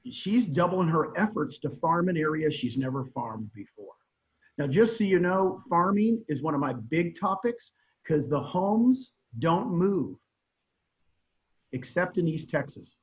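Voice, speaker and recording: A middle-aged man, a guest real estate trainer, giving emphatic advice on a video call and repeating his key points. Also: high-pitched. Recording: muffled video call audio.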